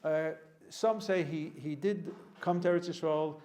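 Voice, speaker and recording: A man's voice: a little high, measured pace, darkish tone. A middle-aged man, a rabbi giving a casual classroom lecture full of digressions and joking asides.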